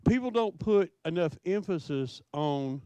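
A male pastor delivers a sermon, drawing out his rhetorical questions with slow emphasis. His voice sits a touch higher than most men's. The sound is dry and close, with no room echo. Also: animated, mellow, clean tone.

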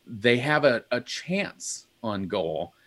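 A man co-hosting a casual sports chat, thinking aloud with many pauses and restarts. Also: mid-range voice, expressive, a bit bright. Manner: halting, many fillers and restarts, thoughtful. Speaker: podcast co-host.

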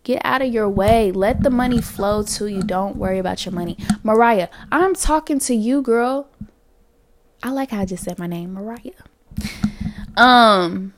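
A woman's voice: mid-range voice, unhurried. A woman hosting a casual solo podcast, chatty, repeating affirmations with emphasis. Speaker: podcast host.

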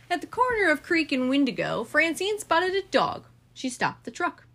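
A mother reading a bedtime storybook aloud to her child in an expressive, lively way. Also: sits high, normal speed, few pauses.

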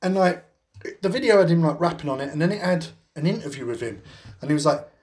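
A man's voice: on the high side, lively intonation, fast talker, darkish tone. A man with a blunt, sweary, rambling way of talking, telling a story in a casual podcast chat. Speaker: podcast co-host.

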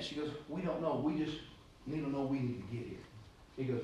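A man preaching a sermon, rambling through anecdotes and then rising to loud exhortation. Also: medium pitch, lively intonation, fairly quick, few pauses. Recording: echoey room, distant mic, faint noise.

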